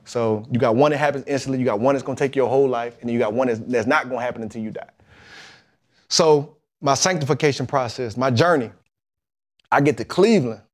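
A man tells his story in a relaxed, colloquial way on a podcast. He talks in an animated manner and slips into the voices of the people in his tale. His voice sits at a middle pitch. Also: quick pace. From Mississippi, USA. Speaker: guest, football player.

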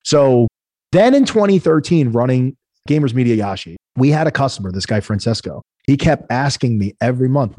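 A man, a guest entrepreneur telling animated stories in a casual interview, acting out the voices of the people he quotes. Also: medium pitch, normal speed, no echo, clean studio sound. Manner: animated storyteller, acts out quoted voices, frequent "right?".

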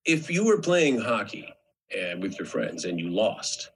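A man's voice: on the low side, very animated, a little slow, a little hiss or hum, rough recording. A middle-aged man from Alberta, Canada, hosting a podcast and telling rambling anecdotes in casual chat. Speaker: podcast host.

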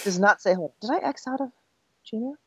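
A woman co-hosts a podcast, chatty and a bit scattered as she reads listener mail aloud in casual conversation. She speaks fairly quickly in a mid-range voice that is a bit bright and slightly rough. The podcast audio is slightly dull and dry, with no echo.

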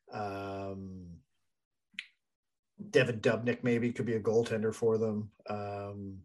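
A man co-hosting a hockey podcast in casual sports chat, rambling and hesitant, laughing often. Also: lowish voice. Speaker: podcast co-host.

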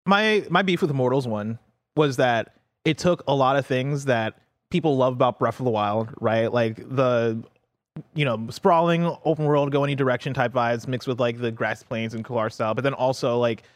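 A man's voice: mid-range voice, moderate pace, no room sound, clean studio sound. A man co-hosting a gaming show, giving opinions in a rambling, casual way full of fillers. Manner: rambling, many fillers like "like" and "you know". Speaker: co-host. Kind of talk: casual chat.

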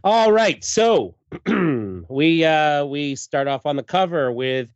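This podcast host has a clean, slightly high voice and talks slowly, relaxed and full of fillers. He recaps a comic issue and reads its credits aloud, captured in a dull, lo-fi, dry recording without echo.

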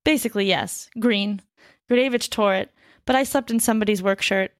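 A woman reading the lines of a calm young woman in a story, matter-of-fact and even. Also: mid-range voice, fairly quick, dry recording, studio quality, natural voice. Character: calm young woman, waking in a stranger's flat.

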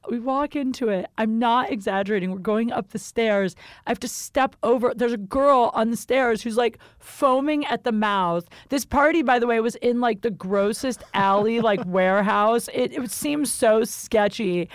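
A woman's voice: a little high, normal speed, few pauses, clean tone, no room sound, clean studio sound. A young adult woman hosting a podcast, telling a story in casual chat, candid and profane, with lots of fillers. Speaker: podcast host.

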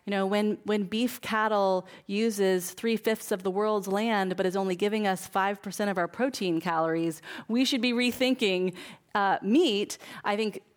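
A woman speaking earnestly on a discussion panel. She talks in a thoughtful, measured way and pauses on fillers as she works through her points. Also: medium pitch, fairly even intonation. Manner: parent. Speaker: author guest on a food panel.

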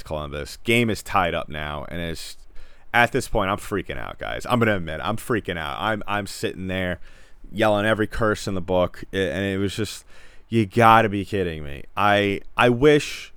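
A man giving a casual, rambling hockey recap as a frustrated fan, talking in quick restarts. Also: deep voice, clear, resonant tone, no echo. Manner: rambling, exasperated, many restarts. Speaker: sports fan commentator. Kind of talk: casual sports recap commentary.

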